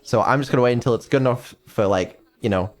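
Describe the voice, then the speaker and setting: A man's voice: mid-range voice, fast, soft background music. A man chatting casually on a stream, rambling and offhand with lots of ums and casual swearing. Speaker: streamer and developer.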